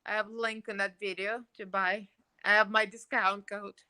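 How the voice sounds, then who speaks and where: A woman's voice: mid-range voice, flat delivery, normal speed, sharp tone, low-quality recording. A woman hosting a casual makeup livestream, chatty and laughing often as she talks to her viewers. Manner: chatty, laughs often, coos baby talk to her pet. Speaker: beauty livestream host.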